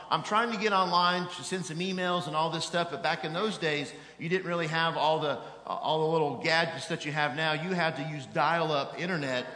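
A middle-aged man preaching as an evangelist, telling a story in an animated, self-mocking way that swings from loud exasperation to hushed tones. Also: on the high side. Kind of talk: sermon storytelling. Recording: echoey hall with long reverb.

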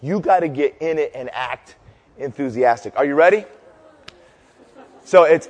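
A man's voice: fairly high pitch, brisk. A man preaching a sermon, telling jokey stories and leading his audience through a cheer. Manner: animated, jokey storyteller leading a crowd cheer. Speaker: pastor. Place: large hall before a live audience. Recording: long hall reverb.

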